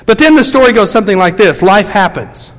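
A man's voice: high voice, animated, fairly quick, long reverb tail, rough recording. A man preaching a storytelling sermon as a pastor, talking in a loose, conversational way full of fillers and restarts.

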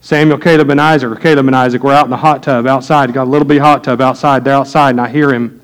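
A middle-aged pastor preaches a sermon, telling homely family stories and talking straight to the pews. His voice sits at an ordinary mid pitch for a man. He moves from folksy asides to earnest preaching. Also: fairly even intonation, fast talker. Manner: folksy storytelling, preaching to a congregation.

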